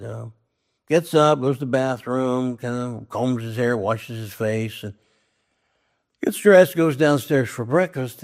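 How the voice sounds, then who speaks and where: A man telling a long joke in a folksy, casual way, with plenty of restarts, acting out each character's lines. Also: medium pitch. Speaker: joke teller. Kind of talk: casual storytelling.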